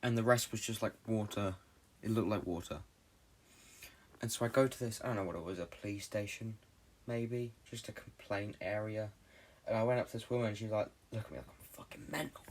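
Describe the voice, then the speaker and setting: A young man from Britain, a podcast host, telling a long dream story in a fast, rambling way with lots of swearing and fillers. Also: fairly low pitch, fairly even intonation.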